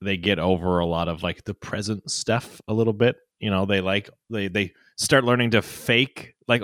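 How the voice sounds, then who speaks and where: A man in his thirties speaks in an animated, up-and-down way, reacting often to his co-host and adding his own comments. He is recorded on a close, very dry microphone. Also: on the low side, moderate pace, few pauses, no echo. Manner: responsive listener, lively interjections. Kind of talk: casual chat.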